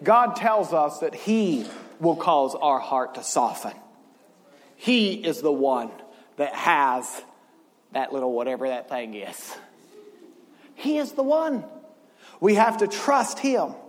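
A man preaching a sermon as pastor in a church, in an impassioned style that builds to shouting. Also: a little high, big pitch swings, slow, long pauses, in a large hall.

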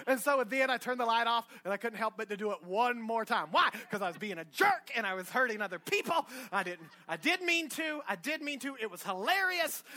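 Casting: middle-aged male preacher, very high and bright voice, lively, jokes and shouts in church. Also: brisk, hardly any pauses. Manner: energetic preaching with humor, rising to shouts. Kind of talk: sermon. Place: church sanctuary.

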